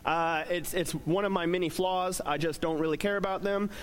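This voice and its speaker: A young male pastor with a high voice preaches in a loose, conversational way. He jokes with the congregation and talks through his points with plenty of fillers. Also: fairly even intonation, moderate pace, clear, resonant tone. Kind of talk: sermon.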